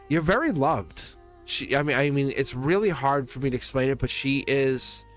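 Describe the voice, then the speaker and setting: Male tarot reader, mid pitch, earnest and comforting, loose and rambling, faint music bed. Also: a bit bright. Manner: earnest, reassuring, rambling with restarts. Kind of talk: live tarot reading.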